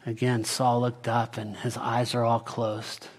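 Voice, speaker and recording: A man telling a Bible story in the first person as a character, often dropping to a hushed whisper. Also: mid-range voice, monotone, a little slow.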